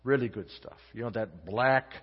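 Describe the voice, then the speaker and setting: A male guest pastor preaching a sermon in an earnest, halting way, with many restarts and swings between loud and soft. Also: medium pitch, breathy edge. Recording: muffled sound in a reverberant hall.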